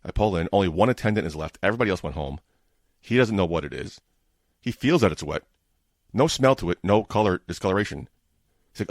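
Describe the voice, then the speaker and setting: A man's voice: low voice, expressive, quick pace, no echo, clean studio sound. A man hosting his own podcast, telling a frustrated, profane story about his bad week in a casual monologue. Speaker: podcast host.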